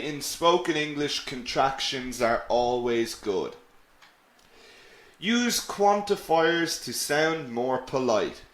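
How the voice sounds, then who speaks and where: A man teaching English in a live online webinar, explaining patiently and answering questions from learners. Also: mid-range voice. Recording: echoey room.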